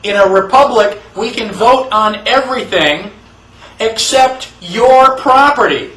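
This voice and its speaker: High-voiced man lecturing in an echoey room. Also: unhurried, bright, forceful tone. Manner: emphatic, rhetorical questions. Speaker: constitution class lecturer. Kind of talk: classroom lecture. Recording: echoey room, mic far off.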